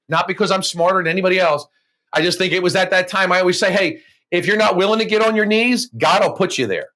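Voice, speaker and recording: A man's voice: high-pitched, fast talker. A middle-aged man, a mortgage broker and coach, telling his story as an interview guest and acting out the voices of people he quotes. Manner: animated, acts out quoted voices with laughs.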